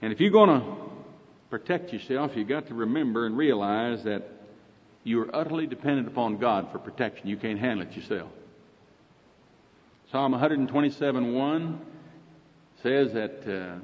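Brief: Oklahoma preacher, folksy and emphatic, fairly high voice, dull recording with long hall reverb. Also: male voice, moderate pace. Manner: folksy, emphatic, quoting scripture. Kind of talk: sermon.

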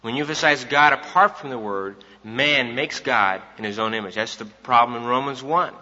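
A man's voice: mid-range voice, normal speed, sharp tone. A man preaching an evening sermon, emphatic and repeating his key points for the congregation. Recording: dull recording in a reverberant hall.

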